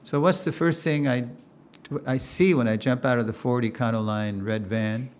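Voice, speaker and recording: An older man lecturing to a class, telling a story in an animated way, acting out quotes and laughing often. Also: medium pitch, moderate pace.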